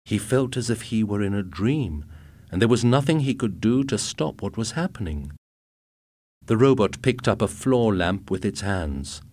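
A man narrating a story aloud in a steady reading voice. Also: on the low side, normal speed, no echo, clean studio sound. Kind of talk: audiobook narration.

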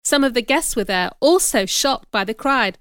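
A woman narrating a novel as an audiobook, measured and clear. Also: fairly high pitch, expressive, fairly bright tone, dry recording. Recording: dry, close studio recording.

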